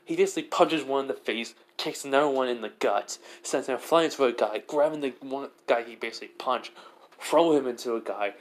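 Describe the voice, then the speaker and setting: A man's voice: mid-range voice, brisk. Young man rambling through a fan story. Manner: rambling, heavy with fillers. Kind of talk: improvised story narration.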